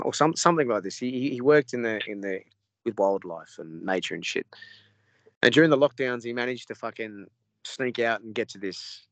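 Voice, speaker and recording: An Australian man, a podcast guest, telling a story in a rambling, animated way with lots of swearing. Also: on the low side, no echo. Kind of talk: casual storytelling.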